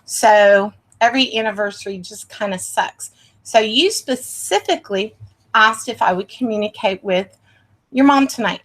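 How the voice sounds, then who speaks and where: A woman's voice: mid-range voice, normal speed. A woman hosting a paranormal livestream from her home setup, chatty and easily sidetracked as she reads names from the chat.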